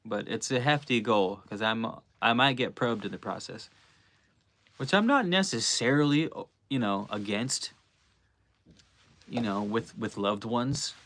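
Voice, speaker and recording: Male streamer with a fairly low voice, laid-back slangy chatter, thinking out loud to chat. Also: expressive, a little slow. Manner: loose and slangy, musing aloud. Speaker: livestream host. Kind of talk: casual livestream chat.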